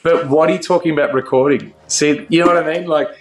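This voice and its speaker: A man's voice: on the high side, fairly even intonation, fast. A man, a rock singer as a guest, chatting casually with many restarts, laughs and curses. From Australia. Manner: laughing, swearing, rambling with restarts. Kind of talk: casual interview chat. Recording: roomy echo.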